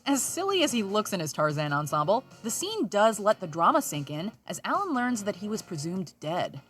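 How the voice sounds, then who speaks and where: A woman reading scripted narration for a countdown list, upbeat and expressive. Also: mid-range voice, normal speed, soft background music.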